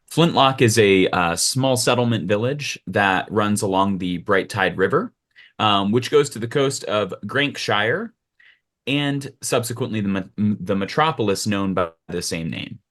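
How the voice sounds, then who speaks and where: A man acting as game master, narrating a tabletop fantasy game in a relaxed, scene-setting way. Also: lowish voice, unhurried.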